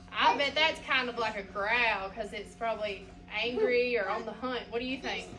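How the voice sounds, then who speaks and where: A woman's voice: on the high side, normal speed, hardly any pauses, recorded from a distance, low-quality recording. A woman teacher reading a picture book aloud to a class, asking the children questions in a sing-song way.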